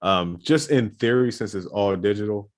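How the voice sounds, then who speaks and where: A man's voice: on the low side, moderate pace. A man co-hosting a podcast, chatting casually and joking about scams. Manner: jokey, acts out calls in put-on voices. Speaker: podcast co-host. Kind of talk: casual chat.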